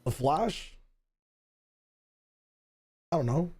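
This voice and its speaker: A man's voice: a little high, animated, very slow, a little mellow, breathy edge. A man hosting a co-stream of an esports match, chatting casually with laughter, swearing and joking tangents. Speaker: streamer host.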